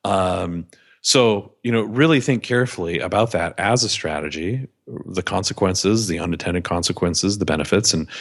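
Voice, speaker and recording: A man with a fairly low voice talks as a guest on a business podcast. He tells his stories earnestly, often stumbling over the first words of a sentence. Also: moderate pace, creaky. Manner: earnest, repeats starts of phrases. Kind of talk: podcast interview, storytelling.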